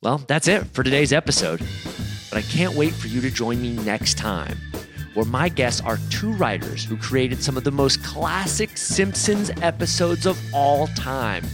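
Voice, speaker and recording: A man's voice: mid-range voice, expressive, measured pace, music in the background. A man hosting a comedy podcast, reading enthusiastic scripted links. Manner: enthusiastic, gushing. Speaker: podcast host.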